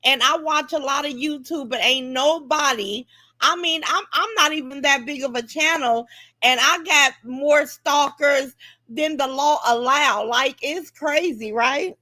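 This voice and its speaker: A woman hosts a casual livestream with a high, bright voice. She talks straight to her viewers, calling out names and mocking critics in a brash, animated way. Her voice is close and dry, with no room echo. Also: unhurried. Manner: brash, animated, greets commenters and mocks detractors. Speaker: livestream host.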